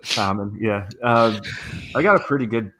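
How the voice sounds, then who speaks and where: A man on a livestream panel, telling unhurried stories and savoring old dialect words. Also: lowish voice, noisy background. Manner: storytelling, relaxed, relishes folksy dialect words. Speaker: game writer on a livestream panel. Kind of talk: casual livestream chat.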